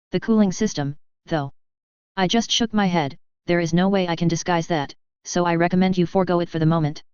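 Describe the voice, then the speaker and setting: A woman with a lowish, very clean voice reads a first-person story at a steady, even pace. The recording is dull and lo-fi, and it sounds dry and close. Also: smooth, dry recording. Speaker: audiobook narrator. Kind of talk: first-person fiction narration.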